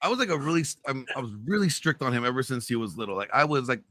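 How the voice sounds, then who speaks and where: A man telling a story in casual chat, loudly acting out the voices in it. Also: mid-range voice, rapid-fire, no room sound. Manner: animated storyteller, acts out quotes loudly. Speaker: podcast co-host telling a story.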